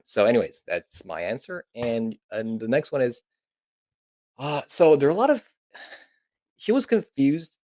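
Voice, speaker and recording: In a slightly mellow, lowish voice recorded without echo, a Japanese teacher from Kyushu leads a casual online class. He keeps things easygoing and talkative, slipping in humorous asides.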